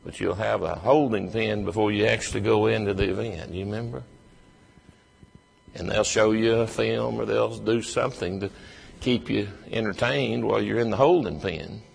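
A man preaching a sermon, slow and earnest in his storytelling, building to emphatic moments. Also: lowish voice, steady tone, vocal fry, a little hiss or hum. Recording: long hall reverb.

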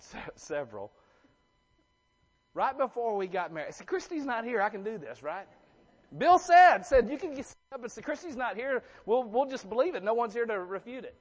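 A man's voice: high voice, a bit bright, big-room sound. A man preaching a sermon to his congregation, chatty and joking, asking the room questions. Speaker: pastor. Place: church sanctuary.

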